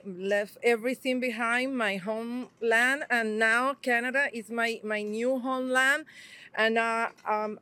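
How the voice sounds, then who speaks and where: A woman with a Spanish accent speaks as a guest in an interview. Her English is earnest and halting, and she pauses to find her words. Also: a little high, fairly bright tone. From Venezuela. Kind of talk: casual interview.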